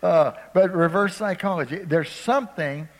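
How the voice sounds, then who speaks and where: A man's voice: medium pitch, measured pace. Preacher man, echoing church hall. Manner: emphatic, asks the congregation "Amen?" often, acts out quoted speakers. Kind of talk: sermon. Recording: long reverb of a large hall.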